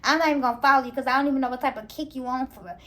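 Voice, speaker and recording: A young woman vlogger telling a casual, animated storytime, laughing and slangy as she goes. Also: high voice, very fast. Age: young adult.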